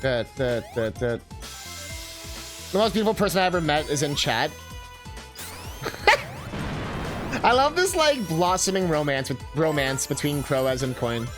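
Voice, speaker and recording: A man's voice: on the high side, very animated, unhurried, pauses often. A male livestreamer chatting casually while playing a game, rambling with lots of fillers and swearing freely. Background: game music.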